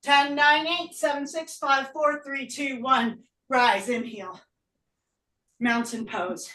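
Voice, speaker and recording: A woman teaching a live yoga class, out of breath, calling breath and pose cues with brisk energy. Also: sits high, fairly even intonation, sharp tone. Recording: roomy echo, voice from a distance.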